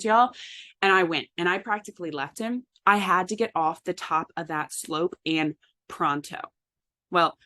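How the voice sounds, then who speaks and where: Candid woman telling a personal story. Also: medium pitch. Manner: candid, animated, addresses listeners as y'all. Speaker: podcast host.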